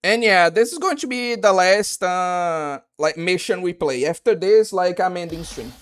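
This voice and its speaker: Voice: mid-range voice, animated, a little slow, clear, resonant tone. Rambling streamer chatting with viewers. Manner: rambling, with many fillers and restarts; loose, joking banter with chat. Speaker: game streamer. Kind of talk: casual live-stream chat.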